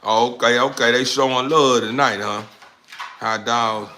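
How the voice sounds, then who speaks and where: Casting: young man, live-stream host, bright forceful voice, relaxed drawl, stumbles and repeats while reading chat. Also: mid-range voice, measured pace, slight background noise. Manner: laid-back, drawling, repeats words while reading comments. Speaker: dog breeder hosting a live stream.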